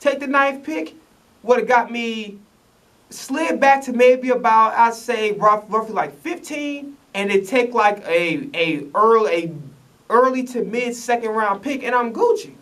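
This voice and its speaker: Man, high voice, sits back from the mic, rambling profane commentary. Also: unhurried, fairly bright tone, distant mic. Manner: profane, rambling, with many restarts and stammers. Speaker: vlogger reacting to the draft. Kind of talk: casual ranting commentary.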